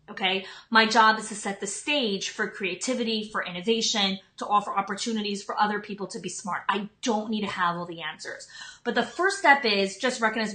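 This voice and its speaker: Female, 30s, live-stream host; bright voice, mid pitch, chatty and casual with lots of fillers. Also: a little fast. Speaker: live-stream host giving leadership tips.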